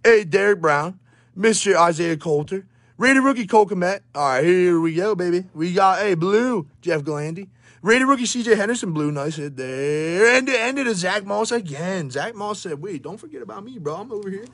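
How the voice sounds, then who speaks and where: A man's voice: sits high, lively intonation, a bit bright, no room sound. Hyped young man ripping card packs. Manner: hyped, swearing, calls out names rapidly. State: out of breath. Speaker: card breaker. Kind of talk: live pack-opening commentary.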